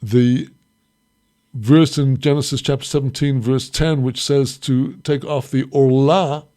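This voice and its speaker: A man teaching a recorded Mishnah lesson, reading short Hebrew phrases and explaining each one slowly in English. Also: medium pitch, fairly even intonation, warm tone. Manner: explains slowly, quotes Hebrew then translates. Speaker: Torah teacher.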